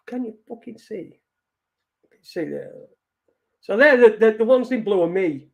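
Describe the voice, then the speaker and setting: A man's voice: sits high, expressive, measured pace, gravelly. A man hosting an online show, swearing and mocking as he reads out messages. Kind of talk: casual live-stream rant.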